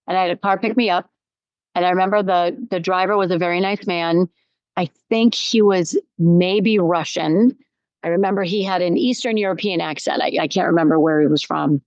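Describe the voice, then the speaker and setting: Woman, middle-aged, podcast host, lowish voice, conversational, repeats herself for emphasis, dry close sound. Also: fairly even intonation, fairly quick, darkish tone, no echo, lo-fi sound. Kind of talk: solo podcast talk with personal story.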